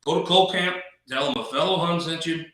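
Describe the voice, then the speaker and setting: A man's voice: a little high, quick pace, a bit bright, very echoey, recorded from a distance, poor audio. A man hosting a political talk show, rambling in a folksy, wisecracking way. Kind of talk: casual political commentary.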